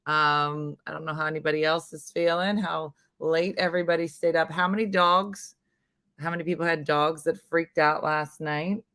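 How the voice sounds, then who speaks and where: A woman from New Jersey with a Jersey accent hosts a casual live morning stream. Her voice is a bit hoarse, and she rambles chattily and laughs at herself. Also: low-pitched, flat delivery, normal speed, a bit bright, no echo. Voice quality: slightly hoarse, husky. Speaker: morning show host.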